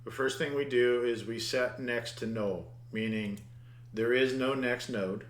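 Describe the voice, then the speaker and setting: A man's voice: mid-range voice, fairly even intonation, measured pace, reverberant. A man teaching a programming lesson over his screen, thinking aloud, muttering at the code and restarting his words. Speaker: programming instructor. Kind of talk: screen-recorded coding lesson.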